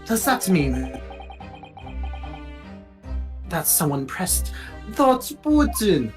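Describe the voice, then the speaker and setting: A woman voicing an earnest young male lawyer in an amateur game voice-through, narrating quickly and plainly. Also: on the low side, very animated, faint music behind.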